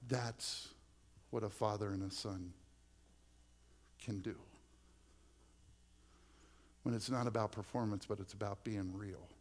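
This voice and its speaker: A man's voice: on the low side, fairly even intonation, takes it slowly, long pauses. A male pastor preaching a conversational sermon full of personal stories, often dropping to a near-whisper for emphasis.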